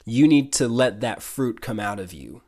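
A male preacher delivers a sermon in an earnest, chatty way. His voice sits at an ordinary middle pitch, and he often restarts phrases as he works through a point. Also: lively intonation, moderate pace, darkish tone. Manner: earnest, conversational, with frequent restarts and brief laughs.

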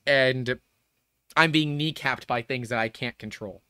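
A man hosting a live stream, upset and anxious, talking in halting, stammering restarts with heavy sighs. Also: medium pitch, steady tone, bright, forceful tone, smooth, dry recording, clean studio sound. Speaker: live streamer and show host. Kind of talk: live-streamed tech talk.

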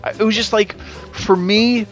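A man's voice: sits high, steady tone, normal speed, a bit bright, soft background music. A man hosting a podcast in casual chat, rambling and swearing freely. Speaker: podcast host.

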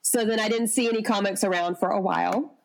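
A woman's voice: mid-range voice, quick pace, creaky. A woman from the Southern United States, a podcast guest, telling stories in casual chat and laughing often. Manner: laughs often, animated storytelling.

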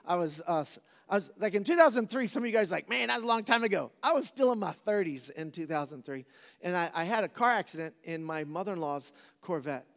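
A man's voice: on the high side, big-room sound. A man in his forties, a preacher telling a funny personal story to a live audience, casual and joking, often asking the crowd questions.

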